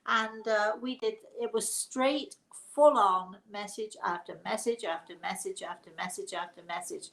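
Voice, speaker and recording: A woman's voice: medium pitch, creaky, fairly bright tone, rough recording. A woman hosting a live stream as a psychic medium, chatting casually and rambling with frequent laughs and restarts. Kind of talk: casual live webinar chat.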